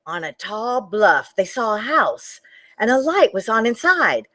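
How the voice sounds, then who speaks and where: A woman reads a picture book aloud to children in an animated, sing-song way. Her voice sits a little high and swoops widely in pitch. She talks straight to the kids as she goes. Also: measured pace. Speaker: children's librarian. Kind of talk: children's storytime read-aloud.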